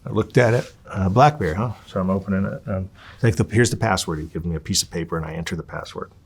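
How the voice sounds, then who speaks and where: A man from Los Angeles, an interview guest, telling his story in a casual, animated way. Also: sits low, fast, vocal fry, slightly rough. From Los Angeles, USA. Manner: animated, acts out quoted dialogue.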